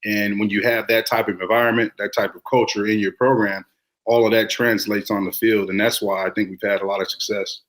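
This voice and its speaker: A man who coaches high school football, talking in a relaxed, reflective way with many fillers on a sports podcast. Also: brisk. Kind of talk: casual sports talk.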